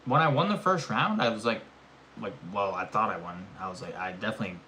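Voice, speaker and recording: A young man with a lowish voice chats casually on a live stream. He rambles through an animated story with plenty of swearing. A faint hiss of noise sits under his voice. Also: fast talker.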